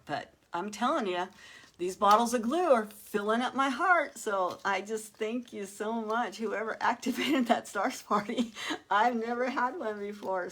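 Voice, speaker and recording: An older woman with a somewhat low voice hosts a relaxed crafting livestream. She talks straight to her viewers as she works, with frequent exclamations and easy laughter. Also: slight background noise. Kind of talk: casual crafting livestream chat.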